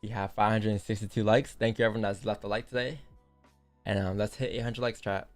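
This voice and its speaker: A man's voice: lowish voice, little pitch movement, fairly quick, soft background music. A young man hosting a live trading stream, chatting casually and directly to his viewers in a laid-back way. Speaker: livestream trading host. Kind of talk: casual livestream chat.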